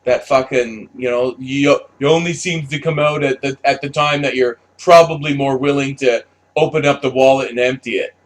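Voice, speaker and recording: A man's voice: mid-range voice, steady tone, normal speed. A man delivering a heated, profanity-filled opinion rant, stammering and repeating himself as he talks. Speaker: commentator.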